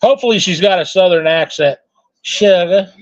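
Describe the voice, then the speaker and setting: A man's voice: fairly high pitch, animated, measured pace. A man chatting casually and rambling while opening trading cards, joking and reading out names. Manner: rambling, jokey, sings and mutters names. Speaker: card collector vlogger. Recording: dull lo-fi sound.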